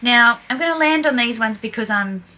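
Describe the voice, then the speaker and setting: A woman's voice: fairly high pitch, moderate pace, pushed and bright. An older woman giving blunt, playful fashion commentary in her own video. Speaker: vlogger.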